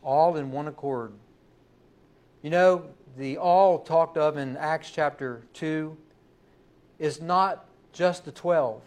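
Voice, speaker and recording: Male pastor, slightly higher voice, emphatic sermon delivery in church. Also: darkish tone. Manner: emphatic preaching, rising and slowing on key words.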